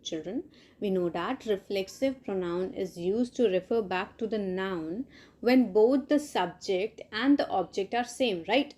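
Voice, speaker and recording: A woman teacher explaining grammar to children, step by step, often checking with "Clear?" and "right?" between points, with some "uh" fillers. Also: medium pitch, a little slow, a little mellow. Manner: frequent "uh" fillers.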